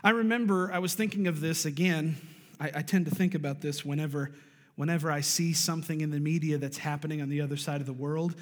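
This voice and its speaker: A man's voice: on the high side, steady tone, quick pace. A man pastor preaching a sermon, building emphasis and calling out to his congregation. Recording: long reverb of a large hall.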